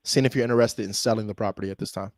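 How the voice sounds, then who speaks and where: Fast-talking man on cold calls. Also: on the low side, fairly even intonation, dry recording. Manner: fast talker who makes a point of pausing on calls. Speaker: real estate wholesaler. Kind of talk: casual vlog chat between cold calls. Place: at home with his dog nearby.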